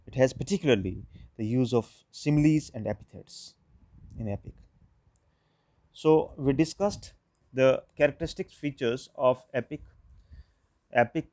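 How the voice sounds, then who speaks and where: Man lecturing slowly on poetry terms. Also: on the high side, no echo. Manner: explains slowly, repeating key terms. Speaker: English lecturer. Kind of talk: recorded lecture.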